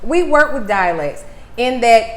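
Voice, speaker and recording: A woman speech-language pathologist, a guest explaining things in a lively casual chat. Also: fairly high pitch, a little slow. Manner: animated, explanatory, laughs easily. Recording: echoey room, faint noise.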